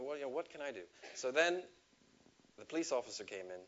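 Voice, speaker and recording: A man telling a personal story to a live audience, animated, laughing at himself and acting out the quotes. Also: mid-range voice, quick pace, dull audio. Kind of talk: storytelling talk. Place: stage before a live audience.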